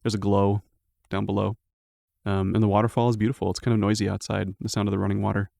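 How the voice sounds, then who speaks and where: A man narrating and running a tabletop game as dungeon master, relaxed and laughing now and then. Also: fairly low pitch, fast, gravelly, no room sound, clean studio sound.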